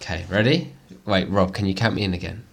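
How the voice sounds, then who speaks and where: A man who has a cold, joking in a playful, self-mocking way on a comedy show. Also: fast. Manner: playful, self-mocking, pitch leaps up when laughing. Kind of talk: comic banter.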